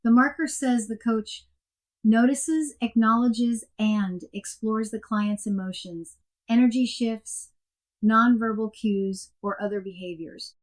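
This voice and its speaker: A woman giving a scripted coaching lesson in a clear, measured and emphatic way. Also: a little high. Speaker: coaching instructor. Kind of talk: scripted instructional narration.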